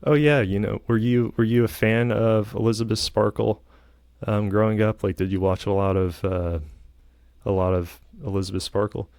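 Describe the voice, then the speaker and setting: A man's voice: fairly low pitch, steady tone, normal speed, darkish tone, clear, resonant tone, no room sound, studio quality, natural voice. A man voicing a chatty male late-night talk show host as a loose paraphrase. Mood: chummy.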